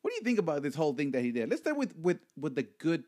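Animated man hosting a casual podcast. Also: on the high side, fast. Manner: animated, repeats words, jokey. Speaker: podcast host.

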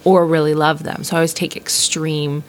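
A woman's voice: deep voice, little pitch movement, normal speed, slight background noise. A woman comedian in a casual podcast chat, opinionated, often laughing and acting out other people's lines. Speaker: comedian guest.

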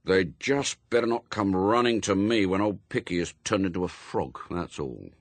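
A man's voice: mid-range voice, big pitch swings, normal speed, husky, no room sound. A man reading aloud, voicing a sulky young boy who grumbles and mutters. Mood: grumbling.

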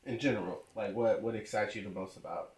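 A man's voice: lowish voice, fairly quick, roomy sound. A man leading a casual Q&A as guest interviewer, asking questions in an easygoing way.

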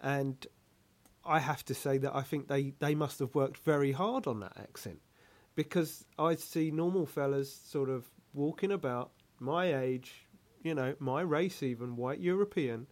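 A man's voice: mid-range voice, unhurried, darkish tone. A man co-hosting a podcast, joking and teasing his guest in casual banter. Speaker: podcast co-host. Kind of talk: casual chat.

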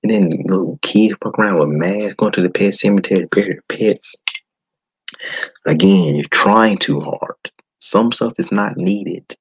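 A man hosting a podcast, giving a blunt, animated movie-review monologue with frequent swearing. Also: deep voice, measured pace, slightly rough, no room sound, low-quality recording. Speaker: podcast host.

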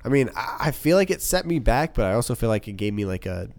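A man's voice: mid-range voice, very animated, fast, darkish tone, no room sound. A young man co-hosting a podcast, rambling in casual chat full of "like" and laughter. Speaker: podcast co-host.

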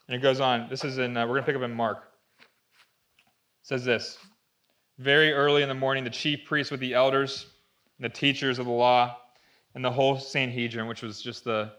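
A male pastor delivers a storytelling sermon in a bright, forceful voice at an everyday pitch. He reads the passage aloud and takes on the speakers' voices. At dramatic moments he drops into a hushed, intense tone. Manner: storytelling, acting out voices in Bible readings.

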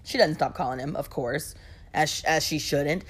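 A young woman telling a story in a casual, gossipy way and reacting with expressive disbelief. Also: sits low, moderate pace, slightly rough.

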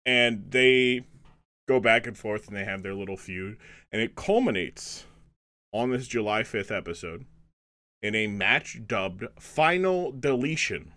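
A man's voice: on the low side, animated, pushed and bright. A man hosting a podcast in casual chat, rambling with frequent restarts and fillers. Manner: halting, with many restarts and fillers. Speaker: podcast host.

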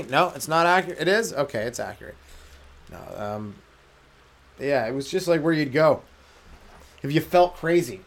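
With a mid-range voice, a moderate pace and frequent pauses, a young man from Canada rambles alone on his comedy podcast. The stand-up comedian tells crude jokes and chuckles at his own lines.

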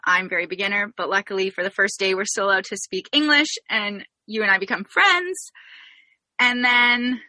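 Young canadian woman podcast host, bright voice, dry close sound, giggly and chatty. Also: medium pitch, no room sound. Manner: bubbly, giggly storytelling. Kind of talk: casual interview chat.

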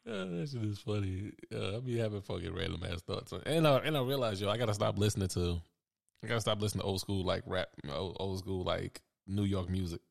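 A man's voice: low voice, brisk, vocal fry. A young adult man co-hosting a casual chat, telling stories with a laid-back, laughing, profane manner. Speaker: podcast co-host.

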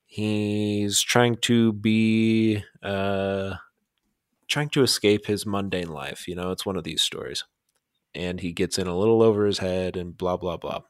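A man co-hosting a podcast, chatting casually in a slow, rambling, self-deprecating way. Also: fairly low pitch, steady tone, smooth, no room sound, clean studio sound. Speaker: podcast co-host.

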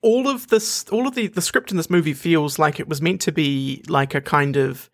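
A man co-hosting a casual film podcast, speaking in a measured, thoughtful way. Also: a little high, a bit bright. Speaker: podcast co-host.

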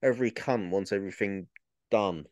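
A man chatting about his workday on a podcast, relaxed and sweary, quoting people as he goes. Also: on the low side, moderate pace, no echo, studio quality. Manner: laid-back, sweary, quotes people in little voices. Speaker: podcast co-host. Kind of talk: casual chat.

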